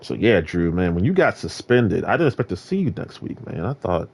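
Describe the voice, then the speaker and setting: A man streaming, talking in a rambling rant that swings between loud outbursts and low muttering. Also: very animated, fairly quick, vocal fry, slightly rough.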